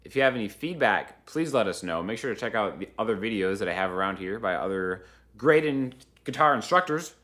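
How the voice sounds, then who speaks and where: A man's voice: fairly low pitch, lively intonation, fairly quick, sharp tone. A man teaching a guitar lesson in a casual, chatty way, counting beats aloud as he strums. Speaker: guitar instructor. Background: acoustic guitar playing.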